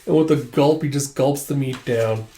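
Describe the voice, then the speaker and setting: A man's voice: medium pitch, moderate pace, warm tone. A man casually recapping and reading a manga aloud, with a lot of filler in his narration. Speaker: manga reader. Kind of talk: casual read-along recap. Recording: roomy echo.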